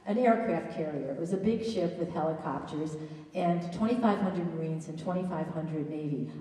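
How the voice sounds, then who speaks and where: A woman's voice: on the low side, mellow. A woman introducing a guest at a college event in a chatty, enthusiastic speech full of restarts and asides. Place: large hall at a college event. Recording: echoey hall, voice picked up from a distance.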